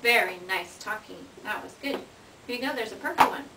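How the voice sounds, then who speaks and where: A woman coaching a small child to say words, in a sing-song, encouraging way, slow and clear. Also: a little high, distant mic. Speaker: speech therapist. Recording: echoey room, mic from afar, noisy home video.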